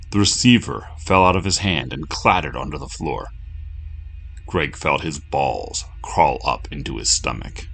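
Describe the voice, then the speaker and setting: A man with a very deep voice reads a scripted horror story. His delivery is low, measured and steady, with faint music sitting underneath. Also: breathy edge.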